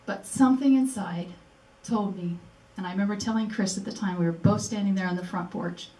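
This is an older woman speaking at a museum memorial gathering, her mid-range voice dark in tone and slightly quick. Earnestly recounting her story, she acts out conversations from memory. The room is echoey and the mic distant.

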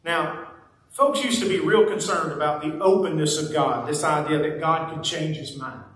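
Folksy pastor in an echoey sanctuary. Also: male voice, a little high, moderate pace, a bit bright. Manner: folksy, conversational preaching with playful asides. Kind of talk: sermon. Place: church sanctuary. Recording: very echoey church sanctuary, mic at a distance.

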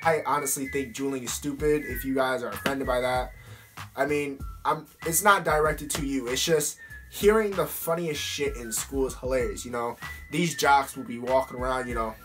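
A teenage boy answers fan questions in a casual vlog, blunt and full of swearing and "like"s. His voice is mid-pitched. Faint background music plays under his talk. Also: steady tone, moderate pace, fairly bright tone. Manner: blunt, heavy swearing, lots of fillers.

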